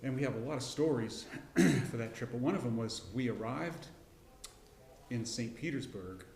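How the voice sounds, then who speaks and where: A middle-aged man teaching a casual Bible class, folksy and rambling, with frequent restarts and throat clearing. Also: medium pitch, normal speed, darkish tone, echoey room. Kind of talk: casual Bible lesson with personal story. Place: church classroom.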